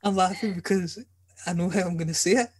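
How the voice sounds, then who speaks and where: A man's voice: high voice, steady tone, quick pace, a little mellow, husky, dry recording. A man hosting a podcast in casual chat, a joking, rambling storyteller who swears freely. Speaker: podcast host.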